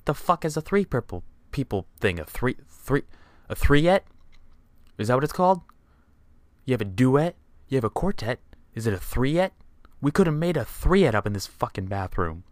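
A man's voice: mid-range voice, very animated, moderate pace, pauses often, no room sound. A young man casually telling a rambling, profanity-filled story.

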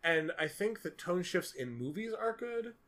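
A man's voice: high-pitched, lively intonation, moderate pace, a bit bright. A man co-hosting a podcast, talking about movies in a casual, rambling way, with many fillers and lots of animation. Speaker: podcast co-host. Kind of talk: casual film discussion.

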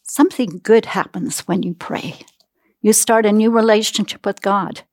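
Calm woman reading a closing message. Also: medium pitch, normal speed, dry recording, clean studio sound. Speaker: ministry announcer.

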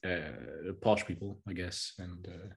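A man co-hosting a podcast, laid-back and casually swearing in relaxed chat. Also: sits low, slow, vocal fry. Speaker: podcast co-host.

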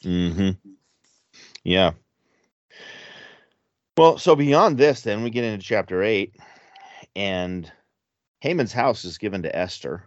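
A man with a very low voice talks through a Bible study in a casual, searching way, often halting and restarting his thoughts. The recording is dry and somewhat dull, with a lo-fi edge. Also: lively intonation, no echo. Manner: thinking aloud, hesitant, many restarts.

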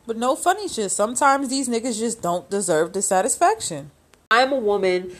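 A woman's voice: on the high side, sing-song, moderate pace. Blunt, profane woman in her twenties. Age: 20s. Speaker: podcast host. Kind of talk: candid confessional podcast talk.

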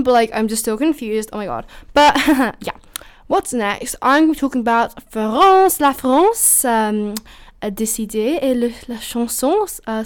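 A woman's voice: on the high side, clean tone. Bubbly woman hosting a chatty podcast. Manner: bubbly and gushing, many fillers. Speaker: podcast host. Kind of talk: casual solo podcast chat.

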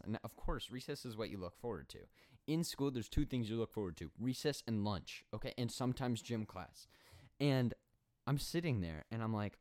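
A man's voice: mid-range voice, sing-song, fairly quick. A man of twenty hosting a solo podcast, telling a story in a rambling, sarcastic way with many fillers. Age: 20s. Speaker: podcast host.

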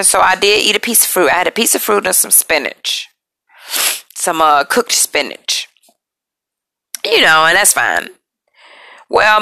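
Slow, gravelly woman sharing personal struggles. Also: medium pitch, sharp tone, no echo. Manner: emotional, halting, apologetic. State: tired. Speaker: podcast host. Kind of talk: personal confessional talk.

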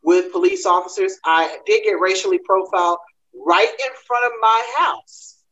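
A woman comedian talking through a panel discussion, telling her story in quick animated bursts. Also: medium pitch, highs cut off.

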